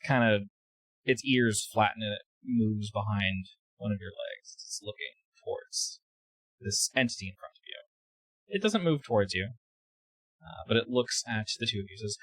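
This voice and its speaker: A man narrating a tabletop role-playing scene as game master, with a hesitant delivery and pauses filled with "uh". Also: on the low side, lively intonation, a bit bright, no echo, rough recording.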